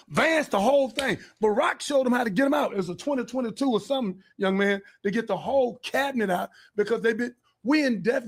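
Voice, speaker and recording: A man hosting a podcast, delivering a fiery, profane, preachy monologue and breaking into shouts. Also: very high-pitched. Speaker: podcast host. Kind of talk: heated monologue.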